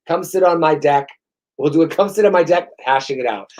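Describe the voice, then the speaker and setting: A man's voice: a little high, a little fast, darkish tone. A man hosting his own show, rambling through stories with profane, sarcastic, self-mocking humor. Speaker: host. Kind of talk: rambling comedic monologue.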